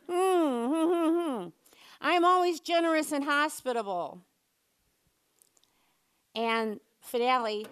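A woman giving a lively, playful sermon, chatting with the congregation and leading them in call-and-response. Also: fairly high pitch. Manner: playful, chatty, uses props and leads the room. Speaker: church speaker.

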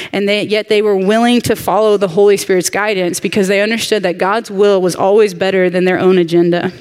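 An earnest woman leads a women's Bible study with heartfelt, chatty teaching. She talks warmly and directly to the group, and jet lag has left her sounding a little tired. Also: mid-range voice, clean tone. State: jet lagged.

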